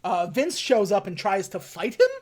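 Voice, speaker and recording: A man co-hosting a podcast, casually recapping a film, often laughing and acting out lines in quick voices. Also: sits high, sing-song. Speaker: podcast co-host. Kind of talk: casual movie recap chat.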